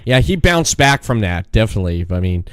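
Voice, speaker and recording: A young man calling in as a podcast guest, chatting in a laid-back, drawn-out way with chuckles. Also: fairly low pitch, big pitch swings, clean tone. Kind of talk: casual chat.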